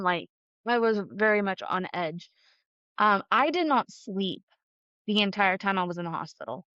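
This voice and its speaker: A woman's voice: mid-range voice, normal speed, creaky, a bit bright, no room sound, dull audio. A woman talking candidly and emotionally as a podcast guest, with fillers and the odd laugh. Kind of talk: casual conversation.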